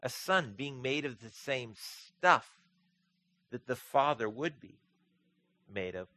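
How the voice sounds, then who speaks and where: Here a pastor's sermon moves at a slow pace with lively intonation. He speaks earnestly, surging toward emphatic peaks before going soft and low for the scripture readings.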